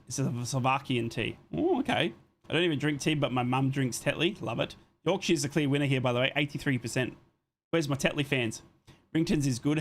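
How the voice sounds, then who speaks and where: A man hosting a live football watchalong, giving casual play-by-play and chatting with viewers' comments, often apologizing as he goes. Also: a little high. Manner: chatty, reads and answers viewer comments between plays; apologetic, quick to say sorry.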